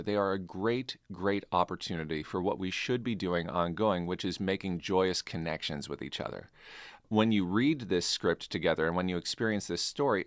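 A theater director talks as a guest in a radio studio, his voice very deep and close in a dry booth. He speaks with eager enthusiasm, full of ums and uhs, and pushes his energy up as he explains his plans. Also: no echo. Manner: enthusiastic, animated, lots of fillers. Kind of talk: radio interview. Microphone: studio microphone.

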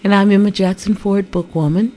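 Flat-toned woman co-hosting a book show. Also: mid-range voice, a little fast, slight background noise. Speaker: co-host of a book talk show. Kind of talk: talk show chat.

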